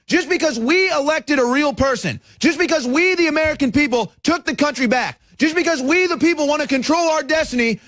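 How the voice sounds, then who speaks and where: High-pitched fired-up male radio host. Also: no room sound. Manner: fired-up, rising to shouts. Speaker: radio talk show host. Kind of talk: heated political talk radio monologue.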